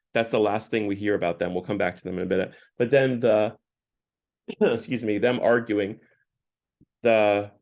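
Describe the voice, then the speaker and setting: A man's voice: lowish voice, vocal fry, a little mellow. A man giving a casual parish talk on a book, paraphrasing its dialogue with many "like" fillers. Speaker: parish speaker.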